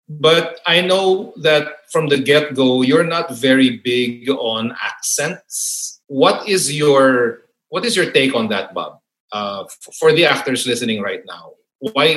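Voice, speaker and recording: A man's voice: medium pitch, a bit bright, rough recording. A man with a Filipino accent interviewing a guest in a friendly, conversational way. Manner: affable, mixes in Tagalog tags.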